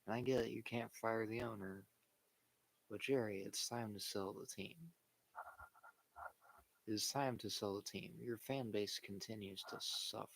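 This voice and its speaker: A man's voice: on the low side, fairly even intonation, moderate pace, creaky, long pauses, a little hiss or hum. A man hosting a livestream, giving blunt, opinionated casual chat about wrestling and sports and swearing freely. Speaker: livestream host.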